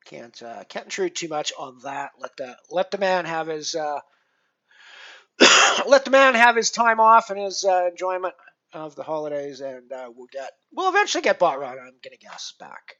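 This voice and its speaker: Male poker streamer, casual rambling chat, bright and edgy tone, muffled lo-fi stream sound. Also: on the high side, sing-song, moderate pace. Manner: rambling, many fillers and restarts; self-deprecating.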